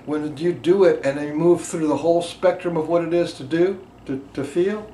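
A man's voice: a little high, moderate pace. Impassioned man teaching in an echoey room. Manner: impassioned, swings between loud emphasis and quiet asides. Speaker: emotional release teacher. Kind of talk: teaching talk to a group. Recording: echoey room with faint background noise.

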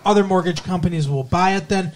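A man's voice: sits high, fast. A man co-hosting a podcast, casually recapping a TV episode and explaining things at length with many restarts. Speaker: podcast co-host.

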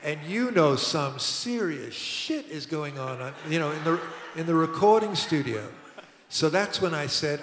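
A man's voice: fairly high pitch, a little slow, a little hiss or hum. Older New man telling stories in a hall. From Brooklyn, New York. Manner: rambling, animated anecdotes with laughs and restarts. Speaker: record producer guest. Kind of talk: storytelling on a public talk stage. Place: museum auditorium. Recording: roomy hall with long reverb.

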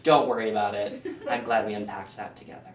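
A man performing a self-deprecating stand-up set with deadpan asides for a small audience in a living room. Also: fairly low pitch, fast talker, roomy sound, distant mic. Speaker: stand-up comic.

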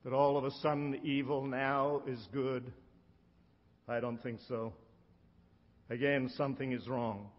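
A middle-aged man preaching a sermon in an emphatic way, slowing down to stress his key lines. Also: mid-range voice, level tone. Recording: dull sound with long hall reverb.

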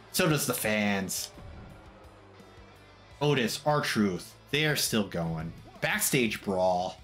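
Speaking slowly in a fairly low, fairly bright voice, this commentator is expressive as he wryly recaps wrestling matches. He drops mock quotes into his casual game talk while music plays underneath.

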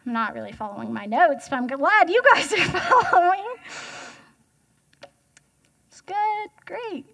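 A woman's voice: extremely high pitch, measured pace, vocal fry, fairly bright tone. A young woman giving a casual, chatty sermon as guest speaker, joking and asking the audience questions.

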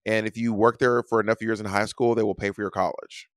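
A man's voice: fairly low pitch, level tone, fast talker, no room sound, clean studio sound. A man co-hosting a podcast in casual chat, teasing and playfully argumentative. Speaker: podcast co-host.

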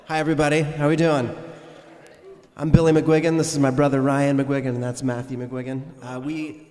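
A man fronting a band, joking with the crowd in quick, loud, upbeat banter. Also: medium pitch, flat delivery. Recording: live room with reverb, band music behind.

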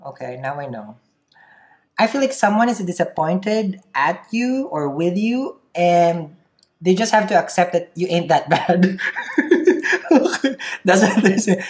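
A woman's voice: on the low side, darkish tone. A woman reading tarot cards for her viewers in a chatty, playful way, often laughing between remarks. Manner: chatty, giggly, playful asides. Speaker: tarot reader. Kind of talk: casual tarot reading vlog.

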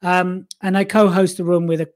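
A man's voice: sits high, little pitch movement, normal speed, darkish tone. A man guesting on an interview, a public speaking coach who talks chattily, mocks himself and laughs often. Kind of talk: casual interview chat.

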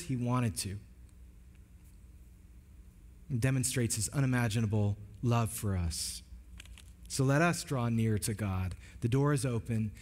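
Male pastor, earnest emphatic sermon delivery, mid-pitched, long hall reverb. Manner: earnest, emphatic preaching with many restarts. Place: church sanctuary.

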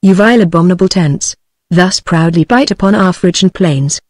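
A text-to-speech British woman voicing a grieving, vengeful young Trojan prince in an even tone. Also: lowish voice, normal speed, no echo, clean studio sound, lightly acted. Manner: flat synthetic delivery.

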